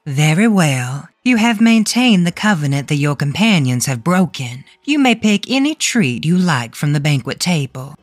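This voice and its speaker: Monster matriarch, read by a woman: genteel, icy, low voice with wide melodic sweeps, faint music under it. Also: big pitch swings, normal speed, hardly any pauses, no echo. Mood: menacing. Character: eerie old-fashioned female monster matriarch, calm and menacing.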